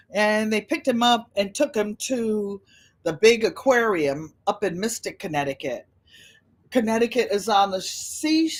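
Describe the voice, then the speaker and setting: Rambling older woman chatting on livestream. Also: medium pitch. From United States. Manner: rambling, greets chat viewers by name. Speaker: livestream host. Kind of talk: casual livestream chat.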